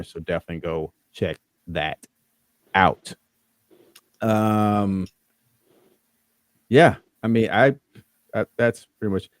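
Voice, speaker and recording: A man's voice: low voice, a little mellow, no echo. A man hosting a podcast, wrapping up in a loose, rambling, joking way with lots of ums. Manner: rambling, jokey, many fillers. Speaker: podcast host. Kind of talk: casual podcast wrap-up.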